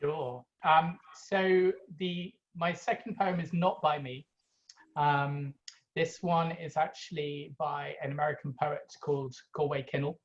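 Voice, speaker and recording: A man's voice: fairly high pitch, steady tone, measured pace, dull audio. A man introducing a poem he is about to read, in a reflective way. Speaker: guest reader.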